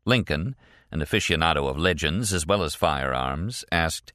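A man narrating an audiobook in a measured, even storytelling voice. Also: a bass voice, no echo, clean studio sound.

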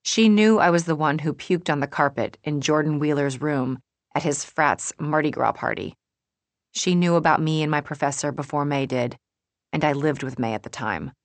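Low-voiced woman narrating fiction. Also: normal speed, dry recording. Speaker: audiobook narrator. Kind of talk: first-person fiction narration.

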